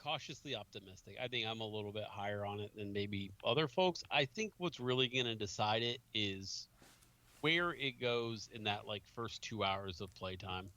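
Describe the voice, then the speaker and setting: A man in casual podcast chat, halting and restarting, tagging "right?" onto points. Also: lowish voice, pushed and bright.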